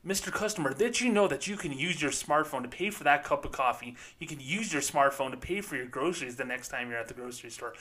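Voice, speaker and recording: A man putting on the voice of a bank employee making a cheerful, fake sales pitch to a customer. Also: expressive, quick pace, hardly any pauses, pushed and bright. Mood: salesy. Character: chirpy male bank employee selling to a customer.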